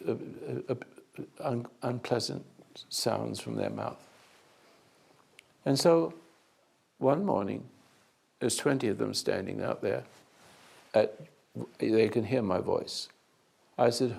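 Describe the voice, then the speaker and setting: An older man giving an unscripted, sermon-like talk as a spiritual teacher, telling a story slowly with many restarts and hesitations. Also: mid-range voice, darkish tone. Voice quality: gravelly.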